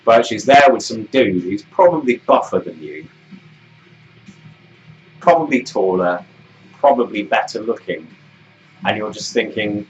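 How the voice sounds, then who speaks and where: Man for a sarcastic song-review rant: sweary, fed up, voice leaping around, unhurried. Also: on the low side, a bit bright, poor audio. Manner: exasperated, sweary, jumps from mutters to mocking shrieks. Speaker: music review vlogger. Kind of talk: sarcastic comedic music review.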